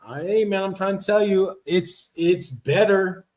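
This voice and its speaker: A man's voice: high voice, measured pace, darkish tone. A man hosting a casual livestream Q&A, reading viewer comments aloud and answering in a slangy, laid-back way. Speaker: livestream host.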